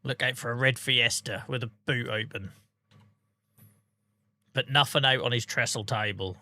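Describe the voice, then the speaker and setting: A man's voice: medium pitch, moderate pace, pushed and bright. A man chatting casually on a live game stream, bantering, laughing often and answering viewers' messages. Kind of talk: casual live-stream chat over gameplay.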